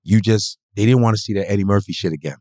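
Man doing a low-key confiding comedian. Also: quick pace, a little mellow, no room sound, studio quality, lightly acted. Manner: confiding, matter-of-fact. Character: veteran male sketch comedian, frank and low-key.

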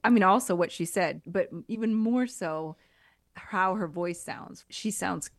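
A woman's voice: mid-range voice, measured pace, no room sound, clean studio sound. A woman, co-hosting a podcast in a casual, rambling chat. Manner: chatty, rambling explanations with many fillers. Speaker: podcast co-host.

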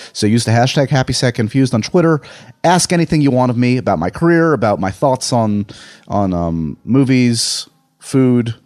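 A podcast host with a New York accent delivers a casual monologue, rambling and chatty with a self-deprecating streak. His voice is medium-pitched and a little mellow, with no room sound.

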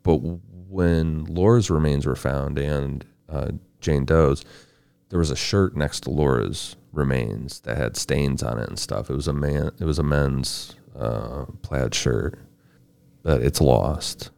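Very deep, gravelly man narrating true crime. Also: a little mellow, dry recording. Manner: reads case details in a measured, matter-of-fact way. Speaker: podcast host.

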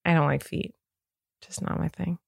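A woman's voice: low-pitched, steady tone, moderate pace, vocal fry, husky, no room sound, clean studio sound. A woman in her thirties co-hosting a podcast, chatting casually, giggly and rambling. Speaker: podcast co-host. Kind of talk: casual chat.

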